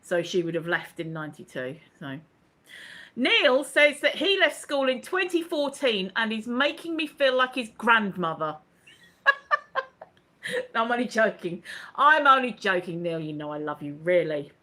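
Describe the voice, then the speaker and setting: A woman's voice: a little high, sing-song, normal speed, bright, forceful tone. A woman, hosting a casual livestream chat, rambling and laughing as she reads out viewer comments. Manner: chatty, laughs often, rambling asides. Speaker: livestream host.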